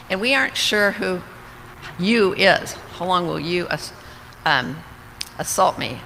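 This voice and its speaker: Woman doing a bible study talk, bright clear voice, echoey hall, a little hiss. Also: on the low side. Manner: earnest, reflective, with small slips and restarts. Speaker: women's Bible study speaker. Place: church hall. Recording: reverberant hall, faint background noise.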